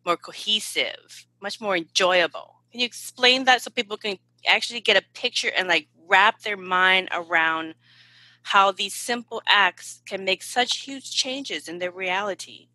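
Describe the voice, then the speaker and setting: Woman podcast host, sharp and bright, dry close sound. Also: mid-range voice, unhurried, no room sound, rough recording. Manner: long winding questions, enthusiastic affirmations. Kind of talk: interview questions.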